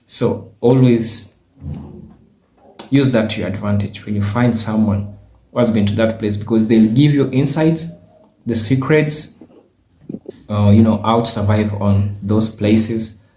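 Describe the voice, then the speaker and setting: A low, warm-toned man speaks earnestly and at a steady pace. The recording rings with room echo, which marks it as a clip played back from his video. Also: measured pace, pauses often. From Kenya. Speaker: YouTuber. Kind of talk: advice vlog.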